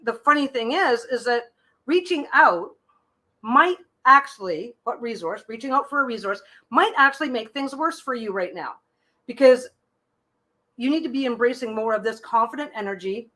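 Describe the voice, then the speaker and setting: A woman's voice: a little high, animated, normal speed, bright, forceful tone. Chatty woman giving live tarot readings. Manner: chatty, frequent restarts and repeated phrases; reassuring, advice-giving. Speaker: tarot reader hosting a live stream.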